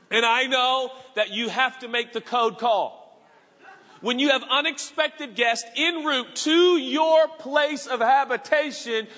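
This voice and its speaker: A man in his forties preaching a sermon, telling a story with stammered restarts and sudden shouted bursts. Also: extremely high pitch. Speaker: pastor. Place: church auditorium with live audience. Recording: long reverb of a large hall.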